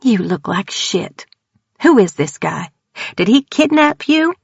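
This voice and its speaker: A woman voicing a sharp, scolding older mother who fires off exasperated questions. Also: medium pitch, sing-song, slow pace, vocal fry, breathy edge, dry recording, muffled recording, voice pushed up, heavily acted.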